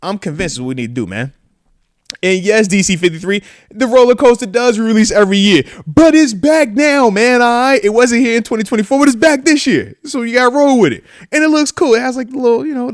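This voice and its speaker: In an extremely high-pitched voice, a fairly quick-talking American man in his thirties, a podcast host and former football player, runs a live show full of slang. He reacts to comments, gives viewers shout-outs, and screams while impersonating riders, all in studio-quality audio without echo.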